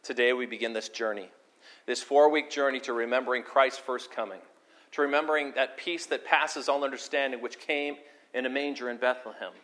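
A pastor preaching a sermon, earnest and storytelling, moving between forceful emphasis and quiet, intimate moments. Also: male voice, mid-range voice, a little fast. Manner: animated storyteller, repeats words for emphasis.

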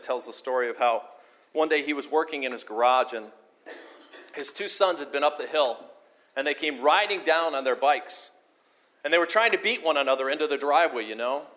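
Earnest preaching man, slightly high voice. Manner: earnest, swings between forceful emphasis and quiet intimacy; animated storyteller, repeats words for emphasis. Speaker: pastor. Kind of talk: sermon.

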